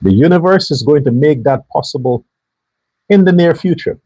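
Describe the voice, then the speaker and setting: A man delivers a political monologue as a show host, blunt, foul-mouthed and openly angry. His voice is pitched high for a man and has a husky grain. He hammers his points home by saying them again and again. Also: lively intonation, normal speed, dark tone, rough recording. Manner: angry, blunt and profane, hammering phrases by repetition.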